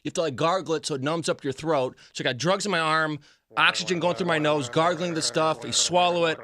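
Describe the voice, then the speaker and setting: A man's voice: fairly high pitch, fairly even intonation, a little fast, pushed and bright. A man on a morning radio show, animatedly retelling a bad hospital night, voicing the people in it with exasperation.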